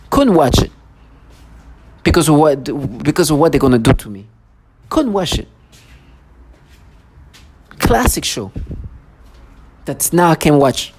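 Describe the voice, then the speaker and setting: A man's voice: on the high side, background noise. A man talking to camera in an agitated, rambling monologue, often repeating and restarting his phrases. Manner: agitated, repetitive, many restarts. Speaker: vlogger.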